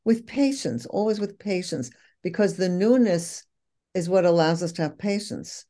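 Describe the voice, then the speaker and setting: A woman's voice: medium pitch, normal speed, mellow. A woman guest in a casual conversation, telling personal stories in an earnest, reflective way.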